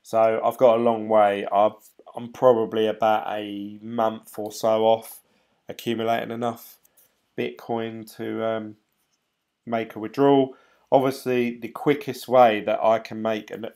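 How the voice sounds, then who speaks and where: A man's voice: on the low side, a little mellow. Rambling man on a livestream. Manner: rambling, chatty, laughs often. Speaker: crypto vlogger reading live chat. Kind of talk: casual live-stream chat.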